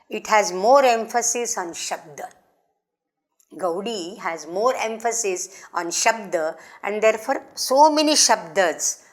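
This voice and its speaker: A middle-aged woman professor, giving a lecture, explaining slowly with restarts and chanting verse in a quick recitation. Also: mid-range voice. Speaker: professor lecturing on Sanskrit drama. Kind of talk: academic lecture.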